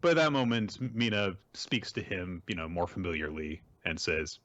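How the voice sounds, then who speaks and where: A man's voice: low voice, normal speed, dull audio. A man co-hosting a podcast, chatting casually and rambling through a manga recap with plenty of fillers. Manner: rambling, animated, many fillers. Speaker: podcast co-host.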